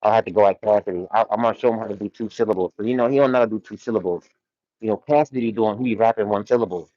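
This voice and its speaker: A man's voice: lowish voice, rapid-fire, dark tone, dry recording, lo-fi sound. A man hosting a casual livestream, talking in loose, slang-heavy commentary and reading chat from a warehouse. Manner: loose, laid-back slang-heavy commentary with frequent laughs. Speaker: livestream host.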